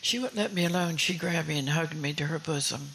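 A woman's voice: low voice, a little fast, vocal fry, fairly bright tone, slight background noise, poor audio. A woman preaching a sermon in an earnest way, often repeating and restarting phrases and putting questions to her listeners.

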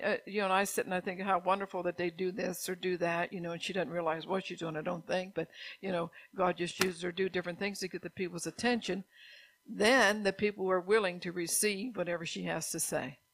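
A woman's voice: fairly low pitch, fairly even intonation, fairly quick, dry recording. Chatty woman preaching in a dry room. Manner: conversational, lots of "you know", repeats words. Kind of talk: informal sermon.

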